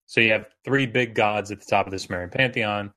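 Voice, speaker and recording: Guest expert, adult male, lowish voice, halting explainer with lots of ums. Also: bright, forceful tone. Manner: hesitant, many fillers. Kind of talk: casual podcast chat.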